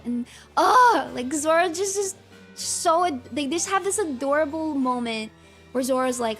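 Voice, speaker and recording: Woman, streamer, excitable gushing chatter, fairly high voice, quiet music behind. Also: normal speed. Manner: excitable and gushing, laughs often, many fillers. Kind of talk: livestream commentary.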